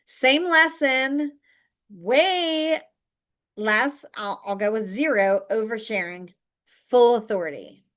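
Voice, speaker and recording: A woman coaching viewers directly in a chatty, emphatic way, teaching how to stand out online. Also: mid-range voice.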